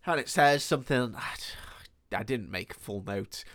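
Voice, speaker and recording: A man's voice: mid-range voice, animated, a little slow, a bit bright. A man co-hosting a casual podcast, retelling a film scene by scene with plenty of swearing and laughter. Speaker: podcast co-host. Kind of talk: casual film-recap chat.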